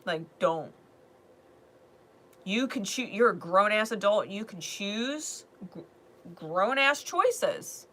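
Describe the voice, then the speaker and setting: A woman giving a spiritual card reading in a blunt, profane manner, swinging between loud emphasis and hushed asides. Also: mid-range voice, lively intonation, slow. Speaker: tarot reader.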